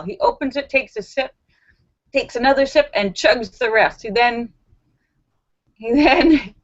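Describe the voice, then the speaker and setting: A woman's voice: fairly high pitch, muffled recording. Giggly woman reading jokes on a live stream. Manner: animated, giggly joke-telling. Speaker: vlog host. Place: home in Los Angeles.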